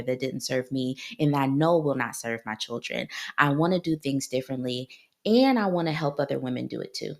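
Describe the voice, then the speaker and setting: A woman in her thirties from Ohio, a clinical psychologist hosting her own podcast, talking in a heartfelt, personal way and often repeating herself. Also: very deep voice. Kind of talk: solo podcast monologue.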